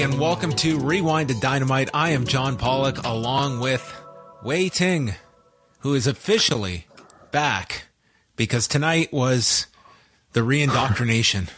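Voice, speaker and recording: A man's voice: medium pitch, a bit bright, no echo. Casual podcast host, man, mid voice, dry close sound, loose and chatty. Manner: rambling, restarts phrases. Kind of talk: casual live chat.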